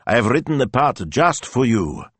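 A man's voice: mid-range voice, big pitch swings, normal speed, no echo, voice pushed up. A man doing an eager young shop assistant. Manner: earnest and eager.

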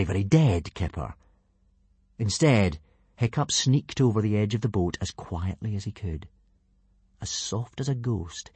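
A male narrator reads a children's adventure story with playful energy. His voice is low and slightly husky, and the pitch rises and falls in a lively way. The recording is dry and close. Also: no room sound. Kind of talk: audiobook narration.

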